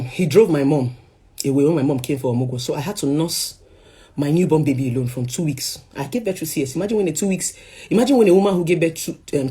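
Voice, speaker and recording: Dramatic Nigerian woman telling her story. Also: deep voice. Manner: dramatic storytelling, swinging from hushed to loud. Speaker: speaker sharing a personal story. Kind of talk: emotional personal testimony.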